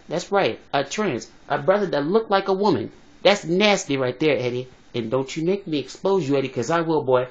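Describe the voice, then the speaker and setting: Brash rapid-talking comic, higher voice, dull phone audio, put on by a man. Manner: rapid, excitable trash talk.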